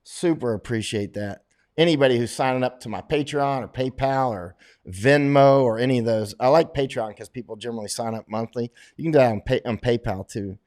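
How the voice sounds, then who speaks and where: A man's voice: mid-range voice, a little fast, a little mellow. A middle-aged American man from Florida, rambling casually as he answers viewer questions on a livestream, often restarting and laughing as he talks. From Florida, United States.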